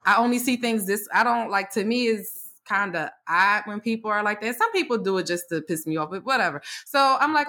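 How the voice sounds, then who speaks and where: A woman co-hosting a casual talk show, telling a story candidly, swearing freely and acting out what people said, often laughing. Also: a little fast. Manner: laughs often, pitch jumps up when excited. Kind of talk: casual chat.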